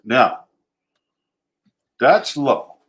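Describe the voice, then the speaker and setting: A man's voice: medium pitch, lively intonation, extremely slow, fairly bright tone. A man co-hosting a podcast who chats casually, makes dry jokes and reads news items aloud carefully. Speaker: podcast co-host.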